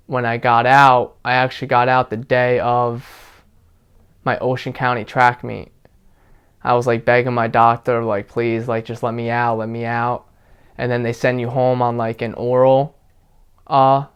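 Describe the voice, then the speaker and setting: A young man being interviewed, recounting his experiences in a relaxed, casual way, with lots of fillers like "like". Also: medium pitch, clean tone. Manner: relaxed, filler-heavy storytelling with frequent "like". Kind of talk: casual personal account.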